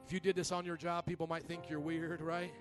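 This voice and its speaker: A male pastor giving an animated sermon in a church, calling for amens from the congregation. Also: fairly high pitch, brisk, music in the background. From Italian-American family. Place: church sanctuary.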